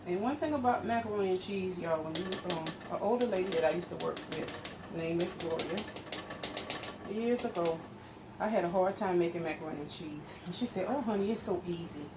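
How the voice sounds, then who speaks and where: A woman's voice: fairly low pitch, a little fast. A woman hosting a casual cooking demonstration, chatting straight to her viewers and explaining each step as she stirs and measures. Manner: explains steps while stirring and measuring. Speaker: home cook and channel host. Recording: steady background noise.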